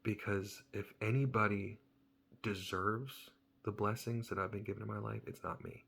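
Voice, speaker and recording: A man's voice: lowish voice, fairly even intonation, normal speed, vocal fry, fairly bright tone, husky. A man, a plumber by trade, earnestly telling a personal story about his faith and thinking aloud as he goes.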